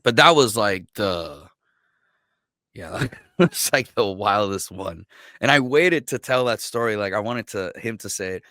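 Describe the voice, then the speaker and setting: A man who is a military veteran, guest on a podcast, telling stories in a casual, profane, animated way and acting out what others said. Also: lowish voice, unhurried, no echo, studio quality. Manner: profane, animated storyteller who acts out quotes. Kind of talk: casual storytelling.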